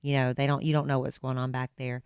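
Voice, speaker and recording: A woman's voice: rumbling low, little pitch movement, quick pace, a little mellow, clean tone, no echo, clean studio sound. A woman co-hosting a podcast from a hotel room, chiming in and telling her own stories in a chatty way. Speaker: podcast co-host. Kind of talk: casual chat.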